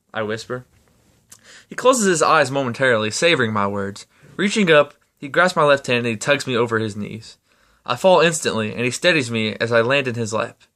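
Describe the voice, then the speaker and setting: Man reading a novel aloud. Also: medium pitch. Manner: steady reading with occasional stumbles and restarts. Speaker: reader.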